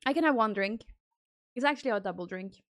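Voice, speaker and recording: A young woman streaming live, chatting casually and squealing excited thanks to donors. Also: medium pitch, brisk, no room sound, studio quality.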